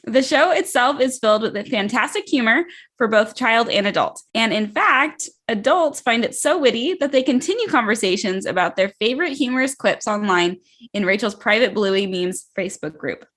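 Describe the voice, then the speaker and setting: Upbeat woman co-host, slightly high voice. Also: expressive, normal speed, fairly bright tone. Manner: upbeat, reads introductions. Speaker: podcast guest co-host. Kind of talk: scripted intro then casual chat.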